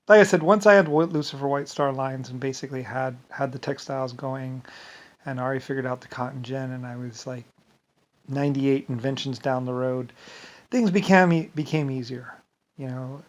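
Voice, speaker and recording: A man in a loose, rambling monologue. He stumbles over his words, repeats them and restarts his sentences. His voice sits at an ordinary middle pitch, and he drifts off with filler as he goes. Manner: trails off with "anyway, whatever". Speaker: vlogger.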